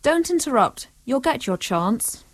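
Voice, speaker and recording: A woman's voice: high voice, very animated, a little slow, no room sound. A woman narrating a comic story in a firm, bossy manner, keeping unruly characters in line.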